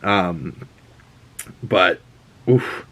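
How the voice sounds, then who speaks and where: A man excitedly recapping a TV episode in a casual, rambling way, with many fillers and restarts. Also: deep voice, extremely slow. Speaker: show recap host.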